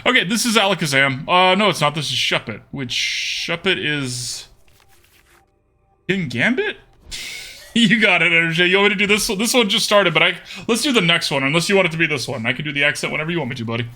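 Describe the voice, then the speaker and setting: A man's voice: a little high, lively intonation, a little fast, pushed and bright. A man streaming a card game, thinking aloud about his plays and chatting casually with viewers.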